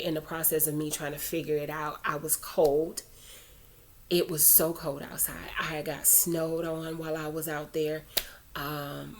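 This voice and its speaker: A woman vlogger telling a personal faith story in a chatty, rambling way, full of asides, turning earnest when she urges prayer. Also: low voice. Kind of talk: casual storytelling to camera.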